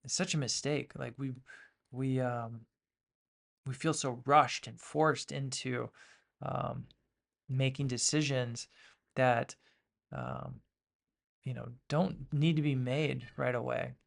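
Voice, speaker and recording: A man's voice: mid-range voice, fairly even intonation, slow, vocal fry, pauses often. A man hosting a casual spiritual podcast, talking in a loose, rambling way with many fillers and restarts. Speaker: podcast host.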